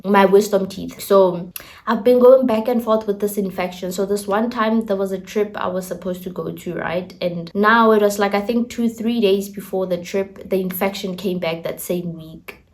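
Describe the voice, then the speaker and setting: A young woman, casually telling a faith testimony as a vlogger, expressive and slangy, acting out her own quotes. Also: fairly low pitch.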